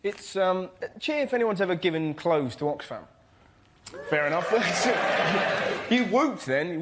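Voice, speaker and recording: A man doing panel show stand-up, animated and often shouting in put-on voices. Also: high voice, slow. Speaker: comedian. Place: TV studio with live audience. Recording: TV studio with loud audience and noise.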